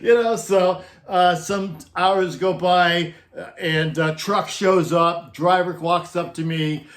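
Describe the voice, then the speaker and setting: A middle-aged man telling a casual comedic anecdote about his work, chuckling often and acting out quoted lines in animated voices. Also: high-pitched, takes it slowly. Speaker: storyteller recounting road crew tales.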